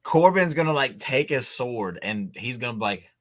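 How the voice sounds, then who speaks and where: A man's voice: medium pitch, animated, normal speed. A Scottish man co-hosting a live wrestling watch-along, joking and calling the action. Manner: joking, play-by-play calls. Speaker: podcast co-host.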